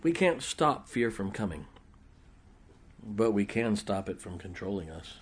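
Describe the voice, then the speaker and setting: A middle-aged man preaching a sermon in a folksy, humorous way, swinging from loud emphasis to quiet, intimate asides. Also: on the low side, sing-song, a little slow, a little hiss or hum. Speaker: pastor.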